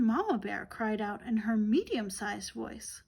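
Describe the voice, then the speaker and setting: A woman storyteller reading a picture book aloud to children, clear and gentle. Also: mid-range voice, animated, a little slow.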